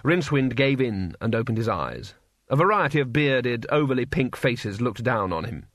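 Expressive male audiobook narrator, dry. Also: mid-range voice, normal speed, no room sound. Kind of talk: scripted narration.

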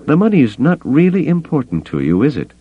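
Male narrator lifting his voice for a calm, measured woman diplomat, dull lo-fi recording. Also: medium pitch, breathy edge, pitched above the performer's own voice. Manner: quiet, measured.

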